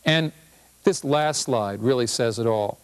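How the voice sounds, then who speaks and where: A man, a physician and professor, giving a humorous public health talk with an animated, punchy delivery. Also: mid-range voice, unhurried, smooth.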